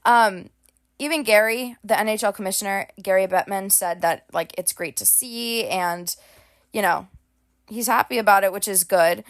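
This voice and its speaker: A woman's voice: mid-range voice, moderate pace. A young woman hosting a solo hockey podcast from home, chatting casually with lots of "like"s and self-aware laughs. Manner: chatty, many "like"s, laughs at herself. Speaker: podcast host. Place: home, dogs beside her.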